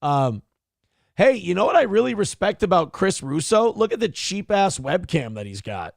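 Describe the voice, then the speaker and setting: A man's voice: high-pitched, sing-song, normal speed, gravelly, no echo, studio quality. A man hosting a morning talk show, chatting casually in a profane, joking way. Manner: profane, joking, mocking impressions. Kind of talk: casual chat.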